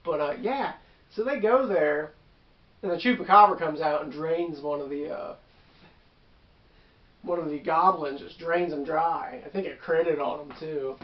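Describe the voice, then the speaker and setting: Rambling high-voiced man telling a game story. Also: measured pace, reverberant, highs cut off. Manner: rambling, with asides and self-corrections. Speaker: tabletop game master recounting a session. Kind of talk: casual storytelling.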